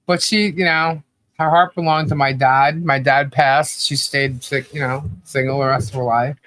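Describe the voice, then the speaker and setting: A woman's voice: deep voice, steady tone, moderate pace, fairly bright tone, dry recording. A woman co-hosting a podcast in casual chat, fondly and emotionally reminiscing and laughing often. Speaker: podcast co-host.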